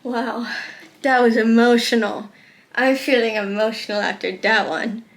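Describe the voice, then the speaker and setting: A woman's voice: fairly high pitch, steady tone, a little slow. A woman hosting a video, giving casual, chatty and sarcastic commentary on a TV episode. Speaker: video host.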